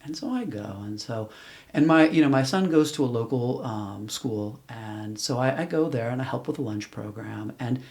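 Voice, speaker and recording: A middle-aged man with a gravelly, creaky voice at a medium pitch. He speaks as an interview guest in a casual, rambling style, full of fillers and restarts. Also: lively intonation, moderate pace, a little mellow. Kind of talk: casual conversational storytelling.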